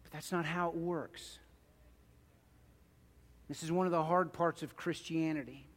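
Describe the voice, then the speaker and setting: A man preaching a sermon in a church, telling stories in an animated, emphatic way. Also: a little high, unhurried, big-room sound. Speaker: pastor. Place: church sanctuary.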